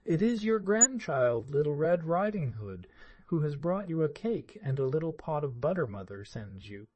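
A man voicing a trusting little country girl in a raised, slow, innocent voice. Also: fairly high pitch, big pitch swings, mellow, dry recording.

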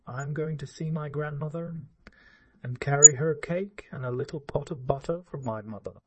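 A man reads a fairy tale storybook-style, measured and expressive, in a dark, mellow, mid-range voice. The recording is close and dry, with no room sound.

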